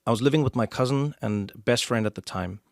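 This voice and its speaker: South African host, lively storyteller, mid-pitch man, dry close sound. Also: gravelly, dry recording. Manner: animated storyteller, quick bursts. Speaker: podcast host. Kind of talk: storytelling conversation.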